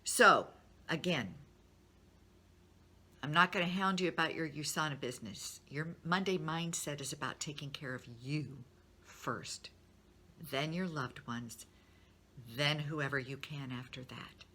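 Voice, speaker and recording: A woman's voice: low voice, measured pace, pauses often, pushed and bright. A middle-aged woman speaking to her business network in a candid, encouraging way, openly sharing her feelings. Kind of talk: personal talk to a business network.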